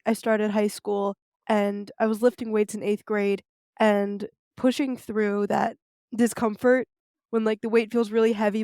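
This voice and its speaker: A teenage girl hosts a podcast interview, speaking earnestly and thoughtfully and saying "like" a lot. Her voice is medium-pitched, smooth, and somewhat dark, captured in a dry, studio-quality recording.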